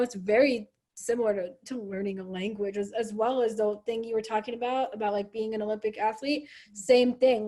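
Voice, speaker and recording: A woman's voice: fairly high pitch, darkish tone. A young woman hosting a casual chat over a video call, upbeat and chatty, leaning on "like" and "you know". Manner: chatty and upbeat, heavy use of "like".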